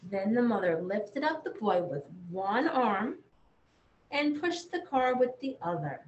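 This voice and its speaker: A woman librarian reading a bedtime picture book aloud, gently talking to young children in an echoey room. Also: on the high side, sing-song, measured pace, dull audio, a little hiss or hum. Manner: gentle, sing-song, talks to children.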